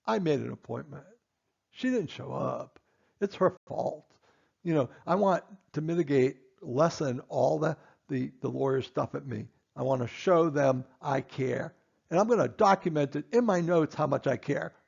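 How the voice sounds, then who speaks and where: A male dentist delivers a training lecture, hammering his points home through insistent repetition. His voice sits a little high and carries a gravelly edge. The recording sounds muffled and lo-fi. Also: normal speed, a little mellow. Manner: emphatic, repetitive, stern. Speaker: dentist instructing assistants.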